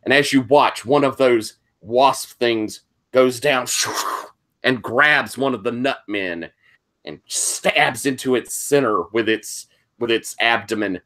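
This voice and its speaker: A man narrates a tabletop role-playing session as game master, setting each scene in slow, unhurried detail. He pauses often and restarts his sentences as he builds the picture. His pitch sits in a plain middle range. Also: fairly bright tone. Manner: slow, descriptive, with frequent ums and restarts.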